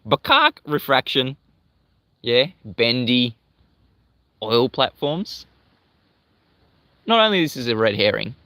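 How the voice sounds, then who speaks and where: A man's voice: mid-range voice, fairly bright tone, dry recording. A man from Australia hosting a livestream, talking in an emphatic, repetitive, combative way. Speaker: livestream host. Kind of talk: livestream commentary.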